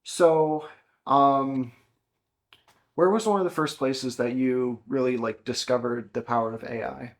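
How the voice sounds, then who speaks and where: A man's voice: mid-range voice, steady tone, unhurried. A man interviewing a guest, asking questions and giving short encouraging replies.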